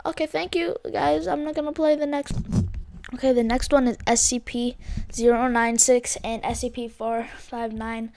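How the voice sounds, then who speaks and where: A young woman commenting casually as she plays horror games at a computer, jumpy and quick to shriek and scream at scares. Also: on the high side, steady tone, a little mellow. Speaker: gaming video host.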